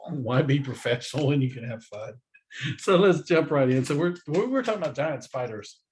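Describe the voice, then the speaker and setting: A man's voice: mid-range voice, expressive, brisk, a little mellow. A middle-aged man, hosting a casual chat, joking and laughing as he tells silly facts. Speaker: podcast host. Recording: faint background noise.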